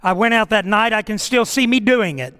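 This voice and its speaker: A man's voice: high voice, fairly quick, bright, forceful tone, clean tone, in a large hall. A middle-aged man, a pastor telling a story in a sermon with emphatic, dramatic delivery.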